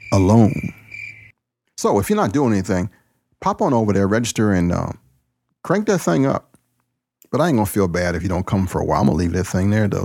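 Folksy, playful and easily excited, a man who preaches talks solo and casually on a podcast he hosts himself. The voice is fairly low, gravelly and husky.

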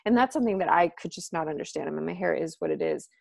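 A woman talking casually as a podcast guest, animated and full of "like" and "um", acting out what her friends said. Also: very fast, gravelly, no room sound, clean studio sound. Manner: animated, acts out quoted friends with pitch jumps; filler-heavy, frequent "like" and "um". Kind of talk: casual conversation.

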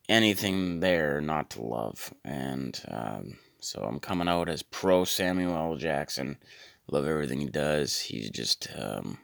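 A man in his thirties hosting a podcast, rambling through a deadpan comic monologue with lots of stammered repeats. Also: rumbling low, creaky, no echo, clean studio sound. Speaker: podcast host. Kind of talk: comedic monologue.

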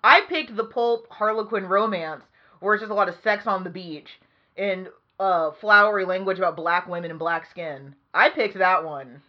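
A woman's voice: medium pitch, moderate pace, dull audio. A woman co-hosting a podcast in casual chat, wry and indignant. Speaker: podcast co-host.

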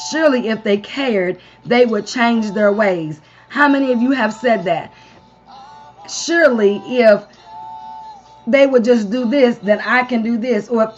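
A woman's voice: a little high, highs cut off. A woman preaching a Sunday morning devotion to a live-streamed audience, peppering her sermon with amens and long spoken lists.

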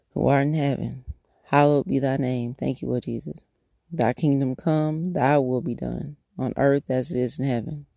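Gravelly man praying on a podcast. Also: mid-range voice, dark tone, no room sound, clean studio sound. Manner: repetitive prayer cadence; casual talk with restarts. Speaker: podcast host. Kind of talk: prayerful devotional podcast talk.

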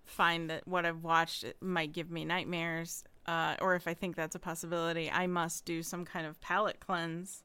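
A woman podcast host chatting casually with a guest, easygoing and quick to laugh. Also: fairly low pitch, level tone, sharp tone, clear, resonant tone, dry recording. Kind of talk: casual chat.

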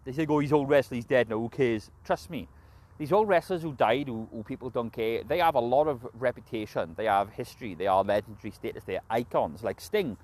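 Mężczyzna z brytyjskim akcentem, który luźno i chaotycznie omawia wrestling, dużo przeklina i często się śmieje. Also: male voice, mid-range voice, brisk, darkish tone. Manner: heavy swearing, rambling, laughs often. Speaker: wrestling show reviewer. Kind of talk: casual spoken recap and opinion.

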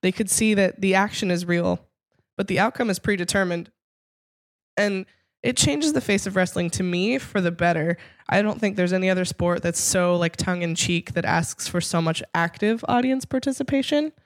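A woman co-hosting a podcast, telling a story in a chatty, playful way with quick laughs. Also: fairly low pitch, dry recording. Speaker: podcast co-host presenting the segment. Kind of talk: casual podcast chat.

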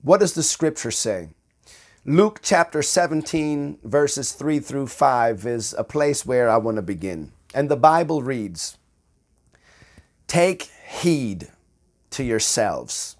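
A man giving a slow, conversational bible teaching, repeating phrases for emphasis. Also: mid-range voice, animated. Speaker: preacher.

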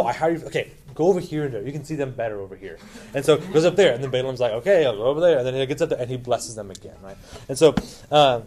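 A man's voice: mid-range voice, darkish tone. A man teaching a Bible lesson in a casual, informal way, retelling a story with lots of asides and questions to his listeners.

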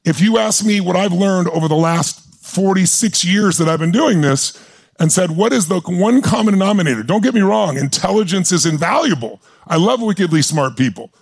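A man's voice: sits high, animated, fairly quick, creaky, slightly rough. A man in his sixties, a motivational speaker telling a story at a live seminar with passion and intensity, rallying the crowd. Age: 60s. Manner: intense, passionate, rallies the audience.

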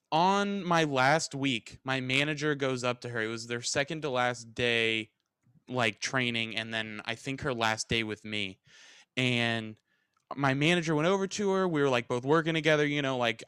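A young male podcast host with a smooth, clear voice tells a rambling, animated story and acts out everyone's lines along the way. The sound is dry and close, with no room in it. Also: mid-range voice, unhurried, no echo. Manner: animated, rambling storyteller who acts out quotes and swears freely. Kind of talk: casual storytelling chat.

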